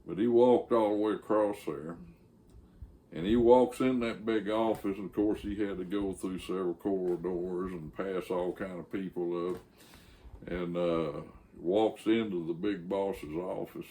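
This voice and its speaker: A man's voice: low voice, steady tone, measured pace, warm tone. An older man, the host of his channel, telling a folksy, rambling story with frequent fillers and restarts.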